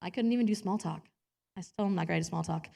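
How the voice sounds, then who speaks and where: A woman's voice: fairly low pitch, fast talker, creaky, mellow. A woman preaching a personal sermon in a church, chatty and self-deprecating, laughing often and acting out quotes in different voices.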